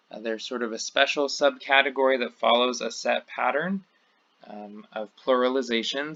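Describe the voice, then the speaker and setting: Bright-voiced male lecturer, lo-fi. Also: medium pitch. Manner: patient, explanatory, with many fillers. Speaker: Hebrew teacher. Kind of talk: recorded lecture review.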